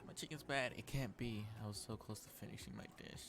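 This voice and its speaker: A man's voice: on the low side, fast, hardly any pauses. Brief: male streamer, laughing, chatty reactions over background music. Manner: animated, laughing, lots of fillers. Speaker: gaming streamer. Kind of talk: reading a dating sim aloud with reactions.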